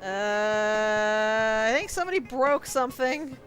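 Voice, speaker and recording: A woman's voice: fairly high pitch, animated, normal speed. Chatty woman streaming a game. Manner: thinks aloud, chatty, frequent "like". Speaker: gaming streamer. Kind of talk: casual let's-play commentary. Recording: game music playing behind.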